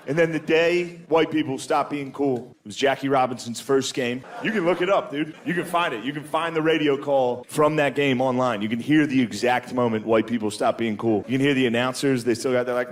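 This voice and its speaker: A man's voice: a little high, a little fast, crowd noise. A man doing a stand-up comedy set, laid-back and crude, often slipping into exaggerated character voices. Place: comedy club stage before a laughing audience.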